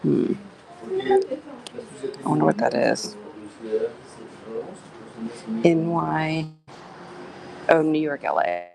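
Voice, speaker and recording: A woman's voice: sits low, big pitch swings, extremely slow, gravelly, pauses often, crowd noise. A woman hosting a casual live stream from outdoor garage sales, chatty and often dropping into a whisper. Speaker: livestream host.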